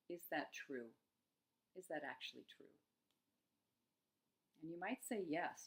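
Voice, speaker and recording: A middle-aged woman with a low-pitched voice gives a gentle, musing self-help talk coaching people on eating struggles. Soft laughs slip in between her thoughts.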